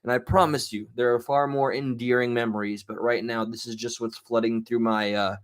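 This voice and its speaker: A man's voice: medium pitch, steady tone, fairly quick. A man in his thirties, sleep-deprived, telling rambling casual stories with many restarts. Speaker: vlogger. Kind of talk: casual storytelling monologue.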